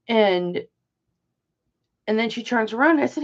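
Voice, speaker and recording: A woman's voice: a little high, lively intonation, normal speed, vocal fry, husky. An older woman telling a rambling personal story in a chatty, casual way, full of asides, on dull lo-fi audio. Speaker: live auction host.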